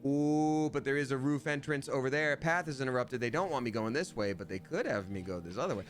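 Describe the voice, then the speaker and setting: A man's voice: medium pitch, a little fast, faint music behind. A man streaming a fantasy video game, chatting casually and playfully with viewers. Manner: chatty, playful, jumps into silly voices. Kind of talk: casual livestream gaming commentary.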